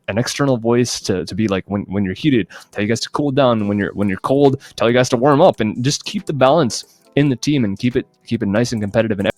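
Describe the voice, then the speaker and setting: A man's voice: medium pitch, dry recording. A man casting esports, rambling and repeating himself as he comments on a team's energy. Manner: rambling, repeats words, laughs often. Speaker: esports caster.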